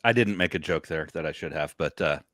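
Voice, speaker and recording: A middle-aged man, co-hosting a podcast in relaxed, chatty conversation. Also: extremely low pitch, brisk, no room sound, clean studio sound. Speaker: podcast co-host. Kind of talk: casual chat.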